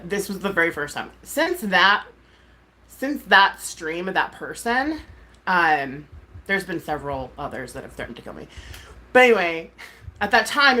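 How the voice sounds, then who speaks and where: A woman's voice: fairly low pitch, pushed and bright. A woman, a mom and streamer, ranting casually to her viewers, exasperated and swearing freely with lots of "like". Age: adult mom. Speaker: YouTuber and streamer.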